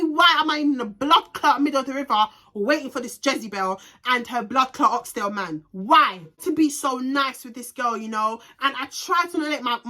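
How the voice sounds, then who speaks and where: A young woman telling a storytime vlog, animated and ranting, swearing heavily and slipping in Jamaican patois slang. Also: high-pitched. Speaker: vlogger.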